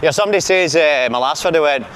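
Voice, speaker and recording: A man's voice: a little high, animated, fast, fairly bright tone, a little hiss or hum. A man with a Glaswegian Scottish accent chatting jokily to viewers while walking outdoors, filming himself on a handheld camera. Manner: chatty, jokey, talking to viewers. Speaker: vlogger. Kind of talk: casual walking vlog chat. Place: outdoors on city streets.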